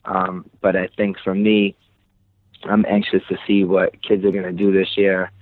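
A low-voiced man with a Boston accent, chatting loosely as a podcast guest. He rambles and swears offhandedly. The sound is tinny and phone-like, with a dry, close feel. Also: monotone, normal speed, dry recording. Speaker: podcast guest, creative director. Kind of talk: casual podcast chat.

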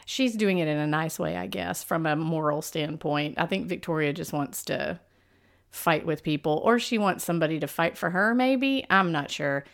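Woman podcast co-host, lower voice. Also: normal speed, gravelly. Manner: thoughtful, opinionated, reasoning aloud. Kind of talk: casual chat.

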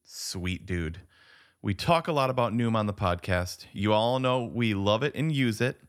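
A man's voice: fairly low pitch, expressive, a little slow. A man co-hosting a podcast, laid-back and casual, often calling his friend "dude". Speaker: podcast co-host. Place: home studio, Atlanta.

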